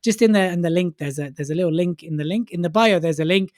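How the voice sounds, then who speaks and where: A man co-hosting a podcast in casual chat, playful, tossing in quick asides. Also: sits high, darkish tone, no echo, clean studio sound. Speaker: podcast co-host.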